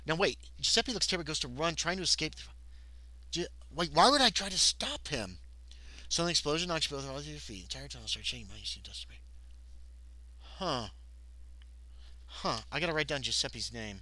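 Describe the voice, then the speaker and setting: A man talks through a solo tabletop game on a livestream, switching between reading the scenario aloud and chatting about books with his chat. His voice is bright and animated, recorded dry on a close mic. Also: fairly high pitch, fairly quick, pauses often, no room sound, rough recording. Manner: chatty, reads text aloud, thinks out loud. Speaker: solo game player and streamer.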